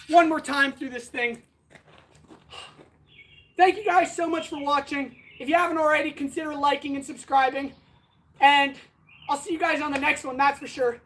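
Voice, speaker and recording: This blacksmith livestream host is a woman with a high voice and a fairly bright tone. She speaks casually between sword swings, sounding winded, chatting and answering viewers directly.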